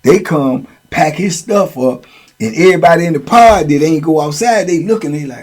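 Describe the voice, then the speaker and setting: A middle-aged man telling prison stories in a slangy, animated way. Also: medium pitch, fairly quick, slightly rough. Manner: slangy, animated, lots of "you know what I'm saying". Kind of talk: casual storytelling.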